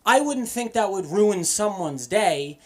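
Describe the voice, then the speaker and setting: A young man from Boston doing an open-mic stand-up set, animated and profane, swinging between loud punchlines and muttered asides. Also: high-pitched, a little slow. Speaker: stand-up comedian. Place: comedy club stage.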